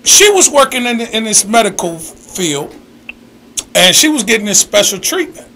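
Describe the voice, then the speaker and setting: A man hosting a call-in show, telling stories in an animated, emphatic way with bursts of shouting. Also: high voice, normal speed, a little hiss or hum. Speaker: radio show host. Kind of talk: casual call-in chat.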